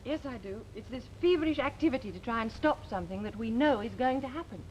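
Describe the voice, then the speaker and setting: A woman's voice: on the high side, expressive, fast, darkish tone, a little hiss or hum, lightly acted. An actress playing an earnest, principled female companion in a 1960s television drama, heard as dull old television sound. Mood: reflective.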